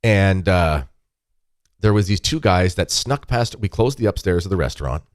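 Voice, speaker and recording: A man with a very deep voice hosts a casual talk show from his desk at home. He rambles through animated anecdotes, filling them with asides and "like." The sound is dry and close, with no room echo. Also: normal speed. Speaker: podcast host. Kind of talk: casual storytelling chat. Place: home desk with weightlifting equipment behind.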